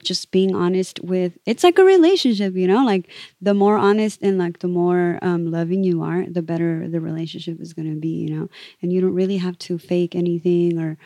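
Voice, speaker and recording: A woman DJ with a mellow, warm voice talks through her thoughts in a relaxed, meandering way, leaning on "you know" and "like". The recording is dry and close, with no echo. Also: lowish voice. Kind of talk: candid interview talk.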